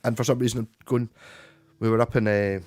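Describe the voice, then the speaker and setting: A man's voice: medium pitch, level tone, fairly quick, a little mellow, no room sound, faint music behind. A man chatting casually with viewers as a livestream host, rambling and restarting his sentences often. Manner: rambling, stop-start, chatty with frequent restarts. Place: home room, playing guitar.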